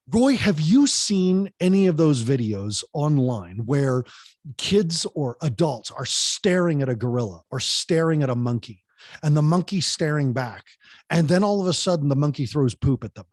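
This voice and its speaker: A man with a slightly high, husky voice talks fast and with energy, coaching on how to hold an audience. The recording is dry and close, with no room sound. He keeps addressing the listener directly as he makes his points. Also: no room sound. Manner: animated, speaks directly to the host by name. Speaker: podcast guest, public speaking coach. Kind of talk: energetic advice on public speaking.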